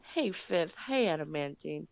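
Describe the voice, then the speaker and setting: A woman tells a story in a casual stream chat, swearing freely and tripping over restarts. Her voice sits low. The sound is dry and close, with no room to it. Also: a little slow, creaky, dry recording. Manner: profane, animated, stumbling restarts.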